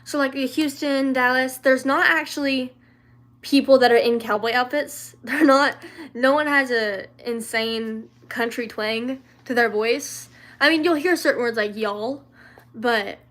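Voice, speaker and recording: A woman's voice: sits high, unhurried, a bit bright. Chatty young woman on a livestream. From Louisiana, raised in the American South. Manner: chatty, rambling, many fillers and restarts, giggly. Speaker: livestream host answering viewer questions. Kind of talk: casual livestream chat.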